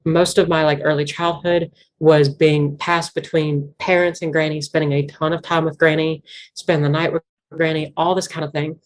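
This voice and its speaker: A woman's voice: low voice, little pitch movement, normal speed. A young woman with a Southwest Virginia Appalachian accent, talking earnestly and at length as an interview guest, full of "like" fillers. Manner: rambling, earnest, heavy use of "like" fillers. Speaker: interview guest, banjo musician. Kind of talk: casual conversational interview.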